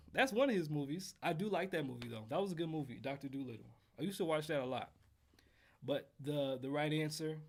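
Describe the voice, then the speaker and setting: A man hosting a casual livestream trumpet lesson from home, counting in exercises and chatting with viewers in a relaxed way. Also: mid-range voice. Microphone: headphones while streaming.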